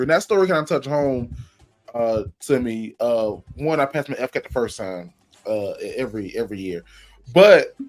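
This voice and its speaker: A man co-hosting a comedy podcast, telling a school story in a profane, animated way. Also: mid-range voice. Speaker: podcast co-host.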